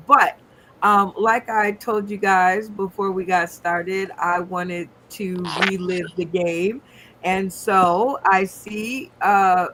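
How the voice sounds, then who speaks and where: A woman hosts an online comedy game show, upbeat and taking her time with every instruction. Her pace is very slow and easy. A faint hiss sits behind her call audio. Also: medium pitch, bright, forceful tone. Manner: upbeat, gives instructions, filler-heavy.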